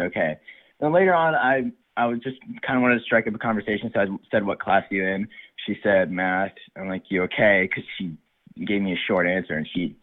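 A man calling in to an advice show, rambling hesitantly through a story about a girl. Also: lowish voice. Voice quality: hesitant, rambling, full of "I'm like". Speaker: caller. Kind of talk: phone call-in story. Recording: tinny phone line.

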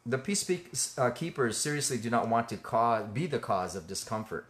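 A man co-hosting a faith talk, speaking earnestly and haltingly with many fillers and restarts. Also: medium pitch, very animated, a bit bright. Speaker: ministry co-host. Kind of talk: conversational faith teaching.

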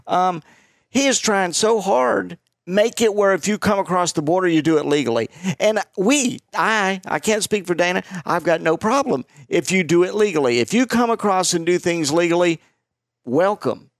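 A man's voice: sits high, lively intonation, moderate pace, dry recording, studio quality. A man from Florida hosting a casual political chat, opinionated and emphatic, often repeating words. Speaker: podcast host.

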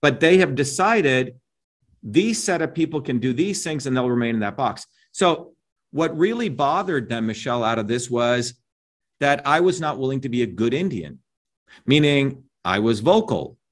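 A man's voice: mid-range voice, expressive, moderate pace. Man, middle-aged, interview guest, emphatic, lecturing, keeps asking "right?". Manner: emphatic, lecturing, frequent "right?" and "you see?". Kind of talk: animated opinionated interview talk.

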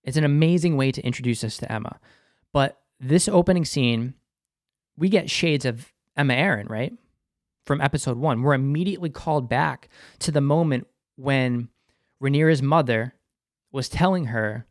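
A man's voice: medium pitch, moderate pace, no echo, studio quality. A man with a Boston accent hosting a casual, enthusiastic episode review, sometimes calling himself by his show name. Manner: enthusiastic, talks about himself in third person. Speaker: TV review host.

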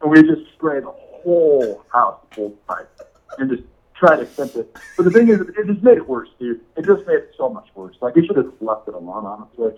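A man's voice: medium pitch, big pitch swings, a little fast. Laughing man telling a story, lo-fi. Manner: laughs often while telling a story, says "dude" a lot. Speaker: podcast guest. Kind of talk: casual storytelling.

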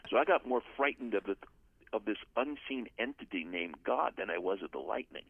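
Older man, gravelly, husky, earnest testimony, tinny phone-line sound. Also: fairly low pitch, animated, brisk, dry recording. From USA. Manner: earnest storyteller, acts out quoted voices. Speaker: guest author. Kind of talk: personal testimony in an interview.

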